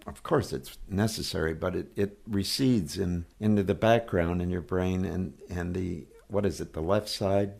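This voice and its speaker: An older man, a guest orchestrator, speaking thoughtfully and measuredly with a gently dry manner in an interview. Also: deep voice, moderate pace, gravelly, hardly any pauses. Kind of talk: reflective interview talk.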